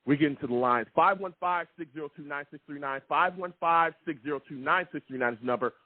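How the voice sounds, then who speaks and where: A man's voice: on the high side, quick pace, dry recording, narrow, tinny audio. A man hosting a sports call-in show, ranting in a fired-up, repetitive way. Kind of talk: heated sports call-in talk.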